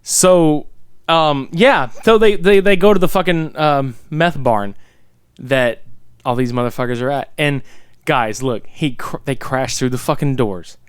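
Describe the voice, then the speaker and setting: A young man co-hosting a podcast, excitedly recapping a movie in casual, profane chat. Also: mid-range voice, measured pace, clean tone, no room sound, studio quality. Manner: excitable, swears a lot, laughs often. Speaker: podcast co-host.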